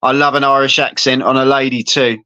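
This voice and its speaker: A man hosting a chatty interview, his voice bright and forceful. He sounds friendly and rambling, and the sound is dry and a little dull. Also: mid-range voice, flat delivery, fairly quick, clean tone, dry recording. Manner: chatty, friendly, says "mate" and "isn't it". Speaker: interview host. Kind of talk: casual interview.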